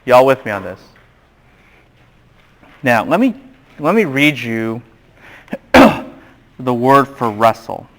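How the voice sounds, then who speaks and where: A man giving a classroom Bible lecture, animated and quizzing the students with questions. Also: medium pitch, slow pace, long pauses.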